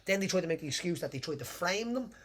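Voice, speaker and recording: This Irish man hosts a loose podcast chat, rattling through a story at a brisk clip. His voice sits a touch high for a man, and he rambles with lively energy and the odd curse. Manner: rambling, animated storyteller with swearing. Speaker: podcast host.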